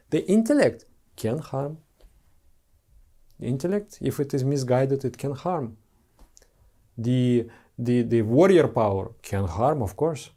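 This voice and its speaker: A man's voice: medium pitch, dark tone, breathy edge. A man who is a spiritual teacher, giving an earnest, heartfelt devotional talk to followers in simple broken English.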